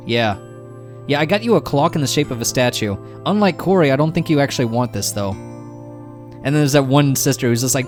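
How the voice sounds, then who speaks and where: A man's voice: mid-range voice, animated, brisk, faint music behind. A man streaming a game, giving casual, rambling commentary full of jokes and swearing. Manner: joking, profane, rambling.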